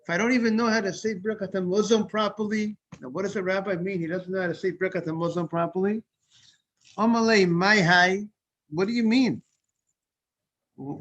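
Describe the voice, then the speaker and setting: A man with a high, slightly bright voice speaks at a moderate pace. He's a rabbi teaching a Talmud study lesson, explaining things step by step, often repeating and restarting his phrases, and pausing to greet people as they join.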